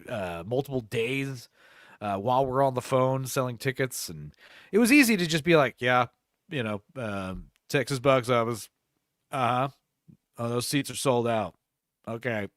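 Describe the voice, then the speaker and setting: A man's voice: mid-range voice, dry recording, clean studio sound. A man co-hosting a podcast, chatting casually, swearing freely and slipping into mock voices. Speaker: podcast co-host. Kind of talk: casual chat.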